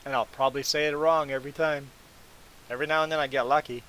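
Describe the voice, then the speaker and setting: A man's voice: medium pitch, fairly even intonation, fast, a bit bright, poor audio. A man hosting a casual gaming livestream, chatting with viewers, laughing often and stumbling through restarts as he explains things. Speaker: livestream host.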